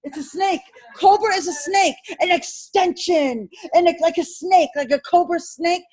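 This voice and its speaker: A woman teaching an insurance licensing class, drilling terms over and over and firing questions at her students. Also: extremely high pitch. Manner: animated, repetitive drilling with quick questions to students. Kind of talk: classroom exam-prep lecture.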